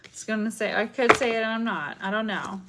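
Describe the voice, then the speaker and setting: Reading tarot live from her home, a woman speaks fairly quickly in a slightly high voice, rambling and chatting and frequently giggling. Card shuffling can be heard over the noisy stream audio.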